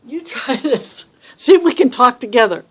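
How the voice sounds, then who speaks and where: A woman's voice: a little high, lively intonation, normal speed, husky, rough recording. A middle-aged woman chatting playfully in a casual travel vlog, laughing easily at herself. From United States. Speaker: vlogger traveling with her husband.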